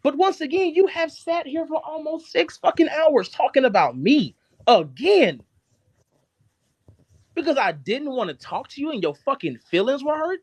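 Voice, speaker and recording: Man, high voice, swooping animated pitch, heated profane rant, live stream host, dry close sound. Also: normal speed, dry recording. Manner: heated, profane, cursing constantly; shifts abruptly between loud and quiet.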